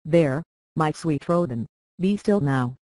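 A reader voicing a gentle, careful young highborn girl in an audiobook, speaking in a soothing, measured way. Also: animated, no echo, low-quality recording. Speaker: lady tending a young lord. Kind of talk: audiobook character reading.

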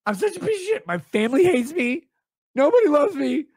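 A man putting on a high, whiny voice to mock a desperate adult man begging for attention. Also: sing-song, a little fast, darkish tone, no room sound, studio quality. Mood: begging, whining. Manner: mocking, pleading, falsetto-high. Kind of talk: mocking impression in a livestream rant.

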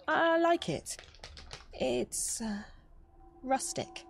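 An actress playing a calm, quick-witted young woman who speaks politely but firmly in video game dialogue. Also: sits high, gravelly, a little hiss or hum, exaggerated voice. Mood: bluffing. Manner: composed, polite and firm. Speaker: game protagonist.

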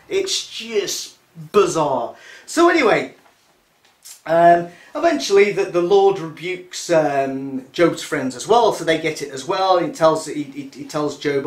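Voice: mid-range voice, lively intonation, measured pace, roomy sound. A speaker giving a casual, sarcastic and irreverent commentary monologue as a vlogger.

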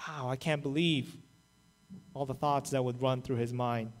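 A man's voice: mid-range voice, moderate pace. A man pastor preaching a sermon for an online church service, telling the story with acted-out quotes. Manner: animated storytelling, acts out quoted voices.

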